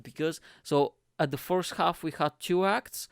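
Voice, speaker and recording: A male comedian hosting his own podcast, telling a story in a loose, animated way. His voice is smooth and clear, recorded dry and close. He swears often and leans on fillers. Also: fairly high pitch, measured pace, dry recording. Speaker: stand-up comedian and podcast host. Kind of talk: casual storytelling monologue.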